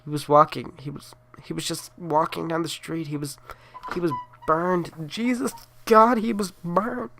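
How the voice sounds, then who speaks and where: A man voicing a terrified mother in hiding, pleading in a high, strained, sobbing voice. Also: level tone, normal speed, vocal fry, sharp tone, a little hiss or hum. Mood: panicked.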